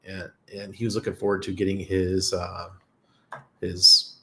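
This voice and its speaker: A man's voice: low voice, flat delivery, a little slow, fairly bright tone. A man hosting a casual livestream, reading viewer comments and rambling with frequent chuckles and fillers. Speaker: crypto livestream host. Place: lives in Panama.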